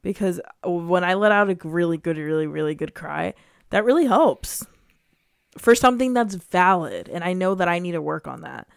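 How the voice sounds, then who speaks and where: Young woman, casual chat, earnest and emotional, smooth clear voice, dry close sound. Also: fairly low pitch, animated, no room sound. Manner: emotional, earnest, quick bursts of emphasis. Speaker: girlfriend in couple conversation.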